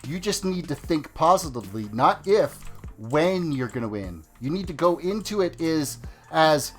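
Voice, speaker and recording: Man, casual live-stream host, joking and chatty, slightly higher voice, soft music bed. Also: very animated, normal speed. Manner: chatty, playful, reads chat aloud and jokes.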